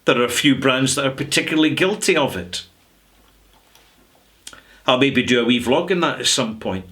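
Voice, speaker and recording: Scottish guy in his middle years ranting on his vlog, bright voice, dry sarcastic drawl. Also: medium pitch, lively intonation. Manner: chatty, sarcastic, drawn-out emphasis. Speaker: whisky vlogger. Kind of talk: casual rant to camera.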